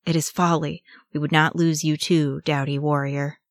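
A noble human captain, hoarse and earnest, as a woman reads him. The voice stays low and close to the reader's own. It is a dry, close storybook recording. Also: little pitch movement, moderate pace, no echo. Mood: pleading.

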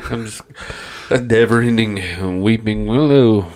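A man's voice: lowish voice, slow pace, darkish tone. A man co-hosting a casual podcast chat, ranting in a crude, profane, sardonic way. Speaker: podcast co-host.

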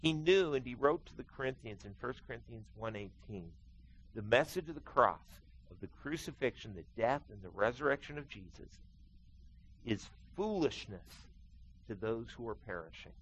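A middle-aged man preaching a sermon as pastor, telling stories and acting out quotes with lively swings in his voice. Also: moderate pace, slight background noise, low-quality recording. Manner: animated storytelling preacher, acting out quotes with big pitch swings.

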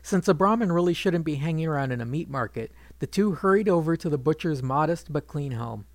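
A man reading a retold legend aloud in an even, measured narration, quoting the characters without putting on voices. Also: a little high, dry recording. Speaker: storyteller.

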